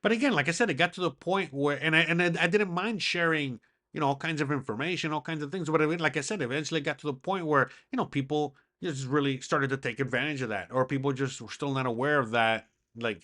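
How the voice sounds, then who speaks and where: A man's voice: a little high, fast talker, pushed and bright. A man hosting his own show, talking in a casual, rambling monologue full of swearing and fillers. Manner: profane, rambling, with frequent fillers. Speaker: podcast host.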